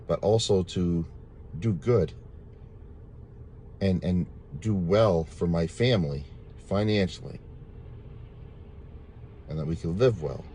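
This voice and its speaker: Taking it slowly with long pauses, this man tells viewers his personal testimony in a casual, rambling, repetitive way, thanking God throughout. His low voice is warm, and there's a little hiss or hum.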